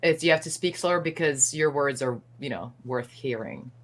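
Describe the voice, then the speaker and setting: A woman hosting a casual chat, animated and laughing often as she talks through ideas. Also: rumbling low, moderate pace, a little hiss or hum.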